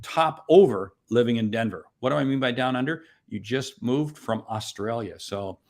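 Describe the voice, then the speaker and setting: A man's voice: mid-range voice, moderate pace. A middle-aged man hosting a sales podcast, upbeat and playful, cutting in with jokes. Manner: jokey, energetic, playful interjections. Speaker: podcast host. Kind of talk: upbeat interview chat.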